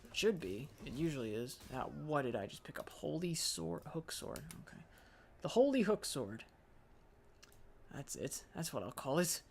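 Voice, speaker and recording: Slightly high-voiced and very animated, this young man narrates his gameplay at a moderate pace for a gaming video, joking and rambling as if talking to himself. There's slight background noise in the recording.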